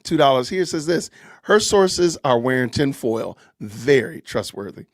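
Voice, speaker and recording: Man with a gravelly, lively voice. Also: medium pitch, a little slow, no room sound, studio quality. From Southern United States. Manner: chatty, reads out viewer comments and thanks donors, repeats phrases. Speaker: podcast host. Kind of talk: casual live-stream commentary.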